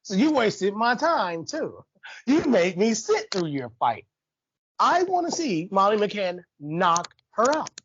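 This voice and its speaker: Heated, animated male podcast ranter. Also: high voice, takes it slowly, lo-fi sound, slight background noise. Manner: animated, heated, trash-talking. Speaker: podcast co-host. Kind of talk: casual ranting sports talk.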